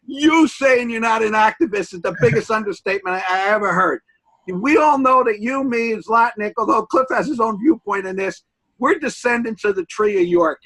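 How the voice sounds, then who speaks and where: An older man on an interview panel, telling stories in an excitable, animated way and teasing his friend. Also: poor audio. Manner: excitable, animated, jumps between pitches when quoting people. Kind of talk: lively interview banter.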